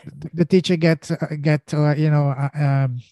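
A man's voice: a little high, little pitch movement, moderate pace, creaky, warm tone, no room sound. A man, a podcast guest chatting casually with frequent restarts and fillers. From France. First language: French. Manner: rambling, many restarts and fillers. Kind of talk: casual conversation.

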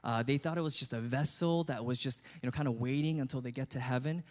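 A man's voice: medium pitch, quick pace, a little mellow. Earnest, conversational male pastor. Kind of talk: sermon.

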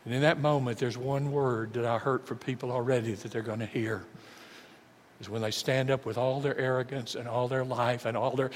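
A man preaching a sermon as pastor, swinging dramatically between booming and hushed delivery. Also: fairly even intonation, fairly quick, slight background noise. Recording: long church hall reverb.

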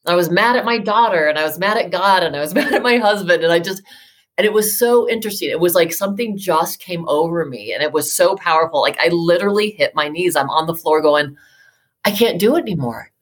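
Low-voiced woman in her 50s, life coach guest, earnest, lots of you knows and restarts. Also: fast talker. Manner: earnest, emotional, many fillers and restarts. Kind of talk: personal storytelling in an interview.

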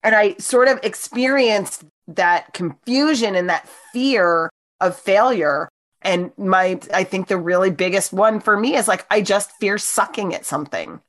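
A middle-aged woman co-hosting a casual chat, telling lively stories and acting out what people said. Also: medium pitch, measured pace. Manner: animated storyteller, acts out quoted voices. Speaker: podcast co-host.

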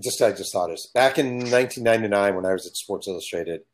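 A man's voice: on the low side, fast talker. A middle-aged man from California talking bluntly and with emphasis in a casual chat, telling stories from his working life.

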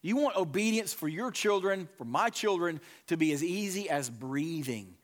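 Animated preaching man, fairly high voice. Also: normal speed. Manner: animated preaching, swinging from loud emphasis to hushed softness. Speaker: pastor. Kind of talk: sermon.

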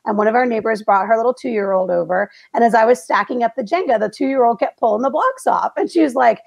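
A middle-aged woman hosting a podcast, telling stories in a lively way and laughing often. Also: a little high, quick pace, vocal fry, hardly any pauses, no room sound. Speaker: podcast host. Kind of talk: casual chat.

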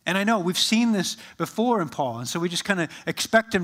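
A man preaching a sermon as pastor, rising with energy, then dropping to a soft, slow hush for quoted words. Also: sits high. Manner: shifts from lively to soft and slow when quoting Jesus.

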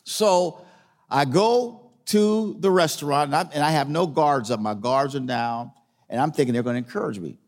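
Pastor preaching in a reverberant hall. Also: male voice, fairly high pitch, moderate pace, darkish tone. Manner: conversational storytelling, repeats phrases for emphasis. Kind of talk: sermon.

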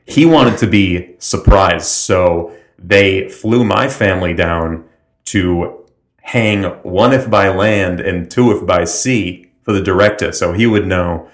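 A man acting out a brash blue-collar character on a comedy podcast. His voice sits very low, and his talk is crude and needling. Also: slow. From greater Boston area. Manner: abrasive, crude, teasing. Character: crude abrasive blue-collar man, glue factory worker.

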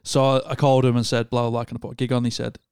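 A man's voice: mid-range voice, little pitch movement, rapid-fire, a little mellow, clean tone, no room sound. Man, casual podcast storytelling, rambling with restarts, dead dry close mic. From Northern England. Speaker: podcast co-host. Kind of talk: casual chat.

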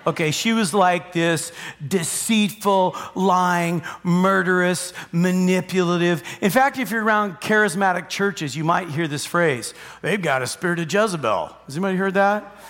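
A man's voice: high voice, a little slow, fairly bright tone. A male pastor preaching a sermon in a large church, telling the story animatedly and acting out the quotes. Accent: American. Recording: live church hall with long reverb.

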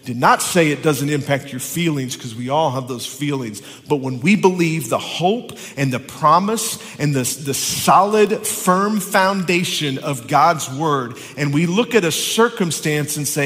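A male pastor preaches with a slightly high voice that rings out in a long hall reverb. He jokes and teases in quick asides, then slows right down to repeat his key lines with weight. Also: expressive, a bit bright. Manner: playful, teasing asides then slow emphatic repetition. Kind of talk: sermon.

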